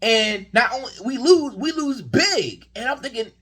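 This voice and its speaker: A man's voice: very high-pitched, lively intonation, normal speed, a bit bright, breathy edge. A young man rambling through a basketball game recap in a casual vlog, telling the story with exasperation. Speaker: sports vlogger.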